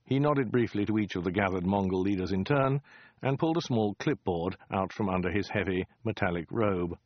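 Low-voiced man narrating wryly. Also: lively intonation, brisk, dry recording, lo-fi sound. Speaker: audiobook narrator. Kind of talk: scripted comic narration.

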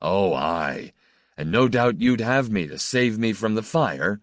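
A man reading aloud and voicing a bitter, insecure, defensive young man with a gruff, blunt manner. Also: on the low side, lively intonation, a little slow, no echo, clean studio sound.

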